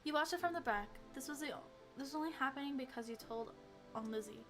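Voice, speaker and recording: A woman's voice: high-pitched, fast talker, a bit bright, soft background music. A young woman streamer reading a story game aloud, chatting animatedly and giggling between lines.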